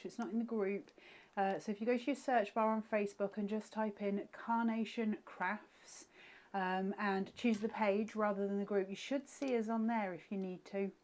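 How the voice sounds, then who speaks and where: A woman's voice: medium pitch, darkish tone. A woman co-hosting a live craft show, reading out viewer comments and answering them in a helpful, matter-of-fact way.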